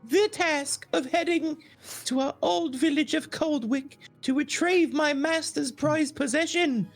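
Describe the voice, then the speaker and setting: A young boy's voice, high and earnest, recites a butler's tale in long, breathless sentences, performed by a man putting it on. Soft music plays underneath. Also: full character voice. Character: butler recalling his boyhood, young boy voice. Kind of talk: reading a recap in character.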